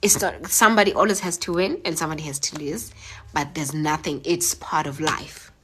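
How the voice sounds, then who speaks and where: A woman's voice: low-pitched, pushed and bright, slight background noise. A young woman, teary after crying, talking earnestly and emotionally on a phone live stream and answering comments. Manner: emotional, heartfelt, halting with fillers.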